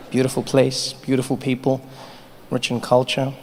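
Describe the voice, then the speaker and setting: A man's voice: fairly high pitch, fast, a crowd in the background, noisy background. A man performing stand-up, telling stories animatedly and slipping into voices. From South Africa. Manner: animated storytelling, does voices. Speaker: stand-up comedian. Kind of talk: stand-up comedy set. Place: stage in a large hall. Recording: reverberant hall, faint ambience.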